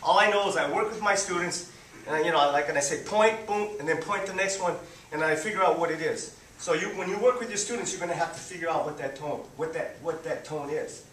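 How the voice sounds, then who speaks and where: A man teaching a group how to guide visually impaired students, repeating "boom" to mark each point as he demonstrates. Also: fast talker, a bit bright, a little hiss or hum. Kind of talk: live demonstration talk. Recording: echoey room, speaker far from mic.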